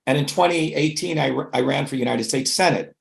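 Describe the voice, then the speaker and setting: A man's voice: medium pitch, brisk, vocal fry. A middle-aged man giving an impassioned interview answer, talking emphatically and rhetorically and often checking in with the listener. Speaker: interview guest.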